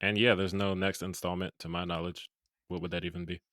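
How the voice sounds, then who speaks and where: Fast-talking man hosting a podcast. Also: sits low, flat delivery, heavy background noise. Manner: fast, joking, laughs often. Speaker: podcast host. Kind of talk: casual chat.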